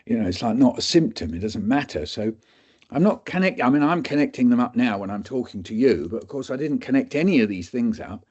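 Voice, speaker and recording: Older man with a husky, dark voice. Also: medium pitch, expressive, fairly quick, highs cut off. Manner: rambling, self-mocking, acts out quoted voices. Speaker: guest speaker. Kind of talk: anecdotal storytelling on a webinar. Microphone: video call.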